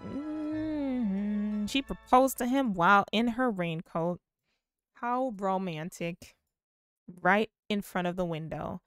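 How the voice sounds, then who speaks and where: A young woman giving excited, gushing commentary while playing a life-sim video game. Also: mid-range voice, unhurried, smooth, soft background music. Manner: excitable, gushing, squeals with delight. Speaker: gaming video host. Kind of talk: casual gameplay commentary.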